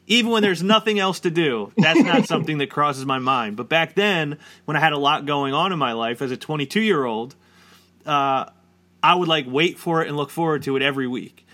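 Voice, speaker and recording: Bright-voiced man rambling casually. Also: on the high side, animated, a little fast. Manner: rambling, heavy use of "like" fillers. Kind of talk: casual chat.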